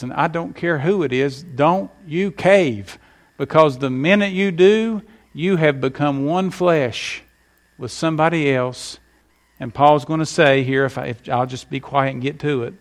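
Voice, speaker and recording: Emphatic preacher man, slightly high voice. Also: moderate pace. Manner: emphatic preaching with folksy anecdotes. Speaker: pastor. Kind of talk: sermon.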